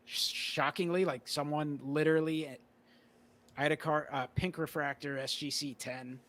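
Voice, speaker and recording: A male card-collector guest in a casual conversation, relaxed and rambling with plenty of "you know" fillers. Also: fairly high pitch, moderate pace.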